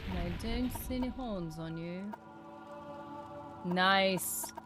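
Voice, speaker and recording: A woman's voice: medium pitch, slow pace, over music. Chatty woman streaming a game. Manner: chatty, reads chat aloud, excitable bursts. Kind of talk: live gameplay commentary.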